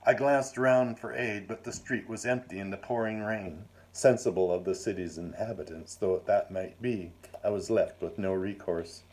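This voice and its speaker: A man narrates a first-person tale in a low, mellow voice. His delivery is measured and formal, with a dry wry edge to it. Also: fairly even intonation. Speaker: narrator reading his story.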